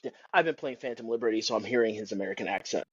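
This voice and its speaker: A man's voice: fairly low pitch, rapid-fire, dull audio, a little hiss or hum. A man co-hosting a podcast, chatting casually in a rambling, profane way that trails off mid-thought. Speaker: podcast co-host. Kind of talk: casual chat.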